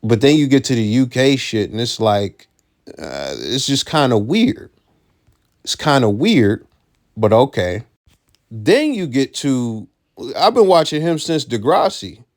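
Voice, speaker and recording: A man's voice: mid-range voice, sing-song, measured pace, darkish tone. A man giving casual commentary, blunt and profane, who repeats his key points for emphasis.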